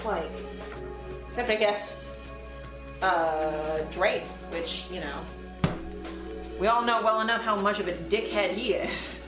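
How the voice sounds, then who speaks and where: On a home livestream, a young Canadian woman from Toronto talks slowly in a mid-range voice, leaving long pauses. Her chat is casual and rambling, loaded with fillers and liberal swearing. The room sounds echoey, and music is playing.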